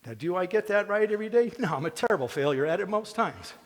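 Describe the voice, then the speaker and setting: A man's voice: high voice, animated, quick pace. A man giving a personal commencement speech from a stage, folksy and joking one moment, earnest and moving the next. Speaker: commencement speaker. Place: theatre stage. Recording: long hall reverb in a theatre.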